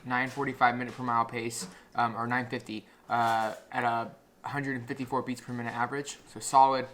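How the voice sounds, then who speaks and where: An upbeat young man chats casually to his camera, walking through his training and meals in an easy, explanatory way. His voice sits at an ordinary middle pitch, and a faint hum of room noise stays in the background. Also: pushed and bright. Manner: upbeat, chatty, explains step by step. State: out of breath after a workout. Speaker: fitness vlogger and coach. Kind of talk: casual vlog talk to camera.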